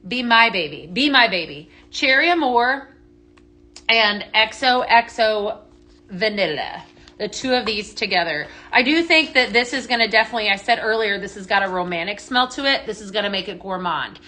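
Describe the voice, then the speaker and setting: A woman's voice: mid-range voice, expressive, moderate pace, bright, forceful tone. A chatty woman hosting a casual live-stream product demo, a little out of breath, reading viewer comments aloud as she talks. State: a bit out of breath. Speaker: home fragrance seller hosting a live stream.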